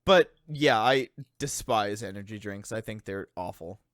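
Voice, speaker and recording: A man's voice: lowish voice, measured pace, a bit bright. A young man co-hosting a podcast, joking around and laughing often in casual chat. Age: young adult. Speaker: podcast co-host.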